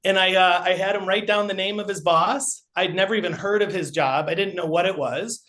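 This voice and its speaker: A man's voice: high-pitched, fairly even intonation, brisk, fairly bright tone. A middle-aged man and podcast guest, telling casual, rambling anecdotes full of fillers. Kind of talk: casual storytelling.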